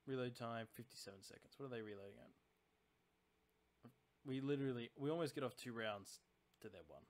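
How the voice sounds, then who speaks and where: While playing a naval strategy game for his channel, a man with a mid-range voice speaks a little fast. His commentary is casual and chatty, and he works through tactics aloud analytically.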